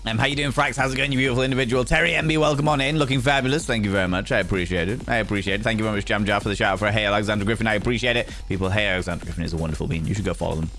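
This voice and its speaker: Flamboyant low-voiced man streaming live. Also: rapid-fire, few pauses, a bit bright, soft background music. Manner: flamboyant, theatrical, camp. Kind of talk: casual live-stream chat.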